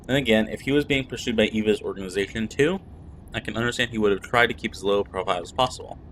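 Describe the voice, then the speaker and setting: A man reading as an earnest young French woman telling her journey in first person. His voice stays low and plain. Faint noise sits behind it. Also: fast talker, fairly bright tone, lightly acted, low-quality recording. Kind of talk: reading game narration aloud.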